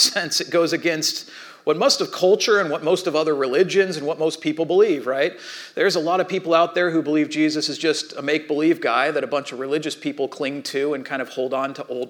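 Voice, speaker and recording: Animated storytelling pastor, man. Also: on the high side, brisk. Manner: storytelling, animated voices for quoted kids. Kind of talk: sermon.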